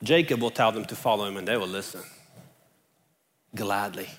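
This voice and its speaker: A man's voice: fairly low pitch, normal speed, fairly bright tone. A man preaching a sermon in an earnest way, building up with rising questions. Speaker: pastor. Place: church sanctuary. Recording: long reverb of a church hall.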